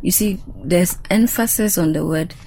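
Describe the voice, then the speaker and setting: A woman's voice: lowish voice, moderate pace, mellow, a little hiss or hum, low-quality recording. A woman with a Ghanaian accent, a panelist explaining scripture and language with examples. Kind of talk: panel discussion on Bible study.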